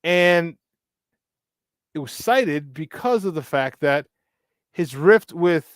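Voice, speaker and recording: A slightly high-voiced man holding forth as a sports talk host. He rambles in a casual monologue, hammering his points by saying them twice. The sound is dry and close. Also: lively intonation, slow, no echo. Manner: repetitive, emphatic, preachy asides.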